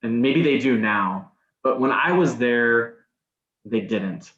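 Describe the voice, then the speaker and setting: A man's voice: mid-range voice, slow, fairly bright tone. A man guest on a podcast, telling a story casually, rambling, with many restarts and "like"s. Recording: roomy, dull sound.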